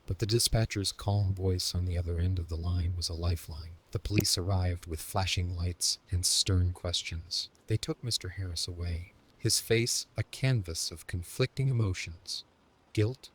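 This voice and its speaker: Brief: man, very low and husky voice, steady scripted horror narration.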